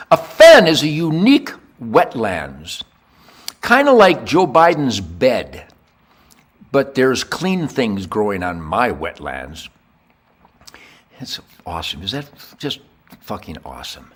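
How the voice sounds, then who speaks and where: An older man hosting a podcast, ranting in a rambling monologue with crude jokes, swinging from low mutters to loud shouts. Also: huge pitch swings, slow, long pauses, husky. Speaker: podcast host.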